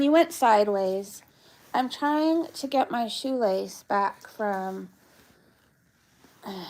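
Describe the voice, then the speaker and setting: A woman's voice: a little high, lively intonation, slow pace, gravelly, darkish tone. A woman vlogging live from her backyard, chatting in a meandering way and breaking off to scold her dog. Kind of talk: casual rambling chat. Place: backyard, outdoors.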